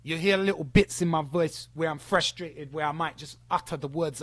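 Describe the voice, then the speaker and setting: A man's voice: on the high side, steady tone, normal speed, hardly any pauses, a bit bright. A young man ranting at someone, confrontational and sweary, repeating himself as he builds his case. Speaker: streamer addressing a former friend. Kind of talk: ranting monologue.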